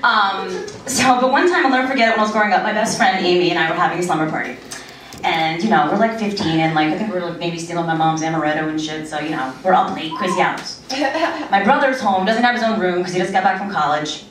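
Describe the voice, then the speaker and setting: A woman in her thirties with a lowish, slightly bright voice races through a crude, rambling stand-up set at a small club, laughing at her own jokes. The echoey room is recorded from a distance, with the audience chattering and laughing throughout.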